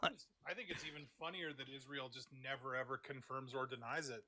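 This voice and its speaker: A man's voice: mid-range voice, steady tone, quick pace, sharp tone. A man co-hosting a casual debate chat, argumentative and explaining his views at length. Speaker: co-host.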